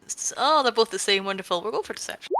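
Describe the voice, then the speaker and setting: A woman's voice: a little high, animated, fast talker, music in the background. A woman playing a tabletop game with friends, wry and joking. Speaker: player. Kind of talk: casual tabletop play.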